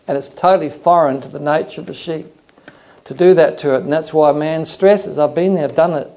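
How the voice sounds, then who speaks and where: A man's voice: fairly high pitch, a little fast, vocal fry, darkish tone. A middle-aged man preaching a sermon, telling stories and acting out animal noises and other voices. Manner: storytelling, acts out animal sounds and voices. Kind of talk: sermon with anecdotes.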